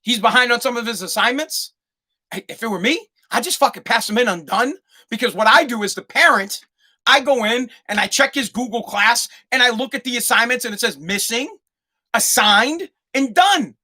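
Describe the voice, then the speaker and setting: A middle-aged American man hosting a podcast, telling comedic stories in an animated, heavily profane way. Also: extremely high pitch, normal speed. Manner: animated and profane, swears constantly. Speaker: podcast host.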